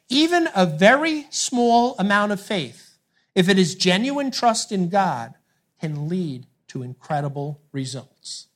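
A man's voice: high-pitched, a bit bright. A male pastor preaching a sermon in an earnest way, putting rhetorical questions to his congregation.

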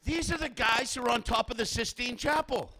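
Man, sermon, bright tense voice, dramatic delivery. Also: very high voice, brisk, vocal fry. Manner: dramatic storytelling, acting out characters, shouting at peaks. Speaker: pastor.

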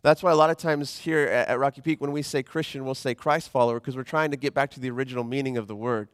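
A man preaching a sermon as pastor in a conversational, animated way, slowing down when he reads scripture. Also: mid-range voice, no echo, studio quality.

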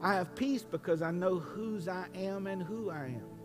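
A male preacher delivers a sermon, building from a conversational tone to impassioned, soaring preaching. His voice sits a little high. Music plays clearly underneath him the whole time. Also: moderate pace.

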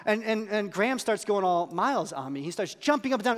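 A man's voice: high-pitched, a little fast, few pauses. A man in his thirties, a pastor preaching a sermon and telling self-deprecating stories about his young children. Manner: self-deprecating storytelling, lively voice changes. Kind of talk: sermon with humorous family stories. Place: church hall. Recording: long reverb of a large hall.

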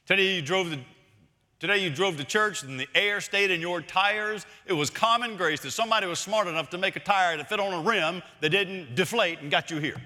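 A man preaching a sermon as senior pastor, emphatic and repeating key phrases, swinging between loud points and hushed lines. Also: high-pitched, brisk. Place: church sanctuary. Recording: long reverb of a large hall.

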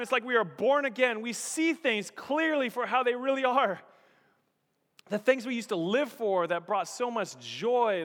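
High-voiced pastor preaching in a hall. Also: male voice. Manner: dramatic storytelling, dips low and quiet then swells loud. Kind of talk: sermon. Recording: long reverb of a large hall.

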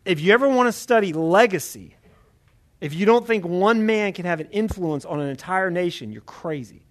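Chatty preacher, slightly high voice. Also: male voice, normal speed. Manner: conversational, animated, checks in with "okay?". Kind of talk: Bible teaching sermon.

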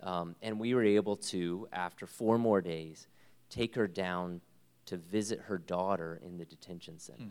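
A man with a low voice tells an emotional story as a guest, earnest and halting. He stops, restarts, and sometimes sinks to a hushed whisper. A long room reverb trails behind his words. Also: clean tone. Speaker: guest speaker, ministry worker.

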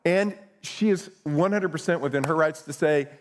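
A man's voice: on the high side, normal speed. A man preaching a sermon as pastor, earnest and conversational, often repeating words as he goes.

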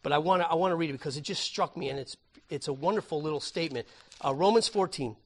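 A man preaching a sermon, animated and conversational, reading scripture aloud and swinging between loud emphasis and hushed asides, with repeated words and self-corrections. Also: on the high side, quick pace. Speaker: pastor.

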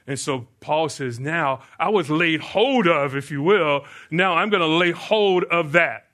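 An older man delivers a sermon to his congregation. His voice is bright and forceful, sitting a little high. He keeps asking rhetorical questions and then answers them himself. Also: unhurried, few pauses. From United States. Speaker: pastor.

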